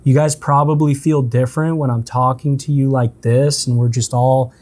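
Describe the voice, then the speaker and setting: A man leading a relaxed, conversational coaching session for a team, often checking in with his listeners. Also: mid-range voice, normal speed. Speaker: sales trainer. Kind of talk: casual in-person coaching session.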